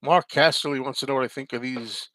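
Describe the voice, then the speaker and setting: A man's voice: mid-range voice, fairly even intonation, quick pace, bright, forceful tone, dry recording. Chatty man with a dry close sound. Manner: chatty, repeats himself, rambling asides. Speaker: host answering viewer comments. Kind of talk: casual live chat.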